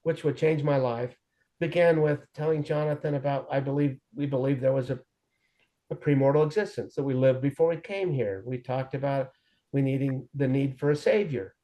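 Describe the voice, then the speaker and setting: A man in his forties with a mellow, warm tone, telling his life story in an earnest, lively way. He slips into quoted dialogue as he recounts events for an interviewer. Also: medium pitch, moderate pace. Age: 40s. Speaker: guest sharing his recovery story. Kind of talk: conversational storytelling.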